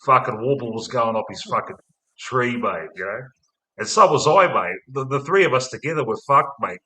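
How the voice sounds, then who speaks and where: An Australian podcast host chats casually in a rowdy, sweary way, ending nearly every line with "mate." His medium-pitched voice is animated, bright and forceful at a moderate pace. The audio quality is poor.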